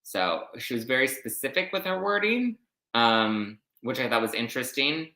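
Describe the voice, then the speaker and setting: A man's voice: medium pitch, sing-song, moderate pace, bright, forceful tone, roomy sound, poor audio. A man hosting a reality TV recap, telling the story in a chatty, catty way with plenty of swearing. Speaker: host.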